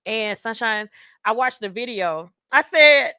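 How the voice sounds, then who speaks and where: A woman's voice: high-pitched, slow pace, no echo, studio quality. A woman co-hosting a radio talk show, telling stories with lots of giggling. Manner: giggly, animated storytelling. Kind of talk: casual chat.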